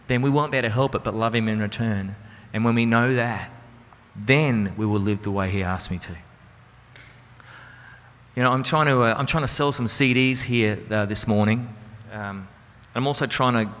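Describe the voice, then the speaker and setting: A man's voice: mid-range voice, a bit bright. A man preaching a sermon in an earnest, conversational way, with rhetorical questions to his listeners. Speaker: Christian speaker and singer. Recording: reverberant hall with music behind.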